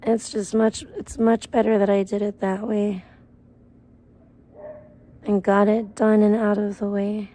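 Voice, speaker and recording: A woman's voice: mid-range voice, level tone, measured pace, long pauses, mellow. A woman live streamer in casual chat, rambling and ranting with plenty of swearing.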